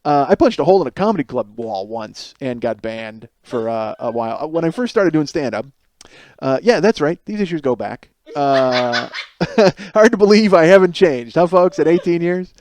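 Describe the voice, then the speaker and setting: A man's voice: on the high side, animated, moderate pace, darkish tone, no echo. A man in his thirties hosting a solo comedic monologue, telling a rambling, profane story and laughing between lines. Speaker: podcast host.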